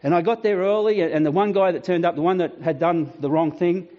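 A man preaches a sermon in a fairly high voice. He tells his stories with animation and often restarts his sentences. The recording sounds dull and lo-fi. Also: fairly quick. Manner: animated storytelling, with frequent restarts. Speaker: pastor.

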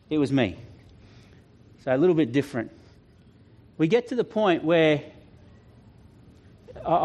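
A man preaching a sermon, telling stories with animated, self-deprecating humor and acting out voices. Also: on the high side. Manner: animated, acts out quoted voices. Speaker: pastor. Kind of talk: sermon storytelling.

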